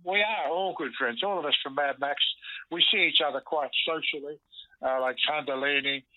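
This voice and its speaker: An older man with an Australian accent phones in for an interview, telling animated stories. The line sounds dull and lo-fi, with no room sound at all. His voice sits a little high for a man. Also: normal speed, no echo. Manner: animated anecdotes, acts out quoted lines. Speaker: guest actor. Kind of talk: storytelling interview.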